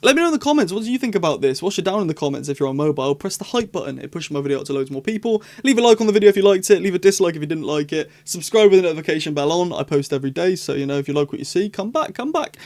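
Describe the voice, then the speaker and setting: An excitable young man rambles through his reactions in a casual vlog. His voice sits a touch high, and the recording is close and dry with no room sound around it. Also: rapid-fire, few pauses, no room sound. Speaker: YouTuber.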